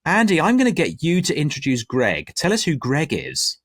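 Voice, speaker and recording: A man's voice: a little high, moderate pace, breathy edge. A man hosting a podcast for church leaders, chatting casually and teasing his guests in a playful way. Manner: playful, teasing, lively intonation. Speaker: podcast host.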